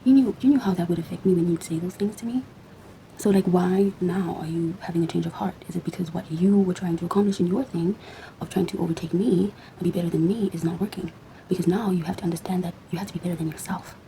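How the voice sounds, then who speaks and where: A woman's voice: on the low side, background noise. A woman vlogger venting casually to the camera, blunt and full of rhetorical questions, repeating points for emphasis.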